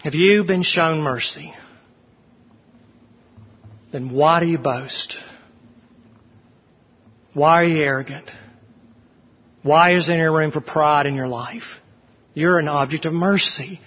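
Emphatic preacher in a hall. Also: male voice, a little high, highs cut off. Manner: emphatic, slows down to stress words. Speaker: pastor. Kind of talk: sermon.

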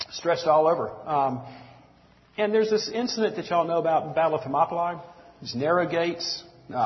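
A man preaching a sermon to his congregation, conversational, with frequent ums and asides. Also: fairly high pitch. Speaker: pastor. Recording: dull sound with long hall reverb.

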